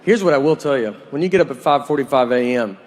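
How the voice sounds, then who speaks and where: A man's voice: medium pitch, quick pace, a little mellow. A man in his forties doing a stand-up comedy routine, dry, rambling and self-deprecating. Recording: noisy live recording.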